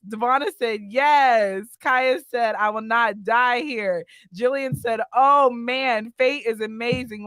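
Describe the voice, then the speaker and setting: Woman host, effusive, reads comments aloud, unhurried, bright tone, dry close sound. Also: a little high, no room sound. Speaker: podcast host. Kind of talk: casual live-stream interview.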